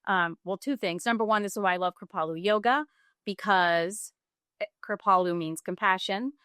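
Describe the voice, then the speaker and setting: A middle-aged woman, a yoga teacher and bodyworker, guesting on a podcast and telling stories in an animated way. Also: medium pitch, normal speed, clean tone, no room sound, clean studio sound. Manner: animated storytelling, acts out quoted clients. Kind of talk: casual conversational interview.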